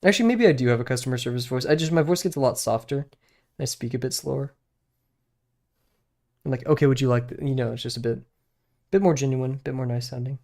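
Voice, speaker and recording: A man's voice: medium pitch, fast talker, pauses often, darkish tone. Rambling young man chatting on stream. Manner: rambling, self-deprecating, laughs often. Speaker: drawing streamer. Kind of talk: casual stream chat.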